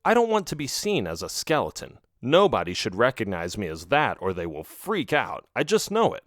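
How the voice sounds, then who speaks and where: A man's voice: mid-range voice, wildly swooping pitch, normal speed, dry recording. A man narrating a children's audiobook in the first person, reading expressively into a close mic.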